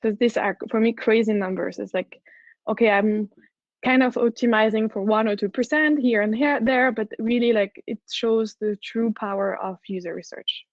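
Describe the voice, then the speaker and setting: A woman's voice: a little high, normal speed, dry recording. A woman with a French accent giving an enthusiastic conference talk as a head of product, often restarting her sentences. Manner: enthusiastic, earnest, with frequent restarts. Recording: dull, dry lo-fi recording.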